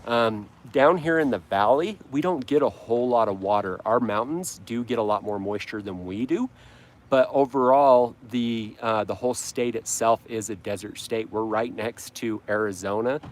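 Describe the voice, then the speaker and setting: A man from Utah hosting a casual lawn care livestream, rambling and correcting himself as he reads viewer comments with a joking tone. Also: lowish voice. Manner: rambling, self-correcting, jokey.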